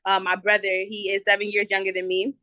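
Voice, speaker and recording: Speaking fast in a medium-pitched voice, a New Jersey-accented woman in her twenties chats as a candid podcast guest and entrepreneur. The interview is casual and lively, full of "um" and "you know," and the sound is dry and close with no echo.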